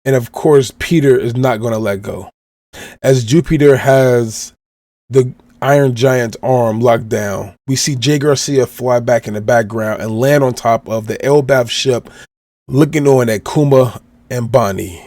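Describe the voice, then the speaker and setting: A man's voice: mid-range voice, a little mellow, no room sound. Chicago guy recapping a chapter on his podcast, quoting the characters as he goes, dry close mic. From Chicago, USA. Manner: retells the story step by step, quoting characters' lines. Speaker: podcast host.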